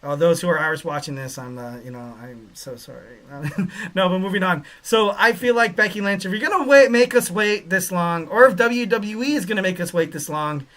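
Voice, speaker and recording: Bright high-voiced man rambling wrestling talk. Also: normal speed. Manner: rambling, lots of "you know" fillers, joking asides. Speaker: podcast host. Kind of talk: casual wrestling commentary.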